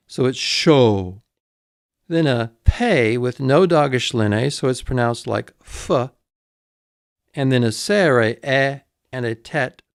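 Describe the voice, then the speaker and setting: A man teaching vocabulary in a recorded lesson, repeating each word slowly and spelling it out letter by letter. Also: mid-range voice, no echo, clean studio sound. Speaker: instructor.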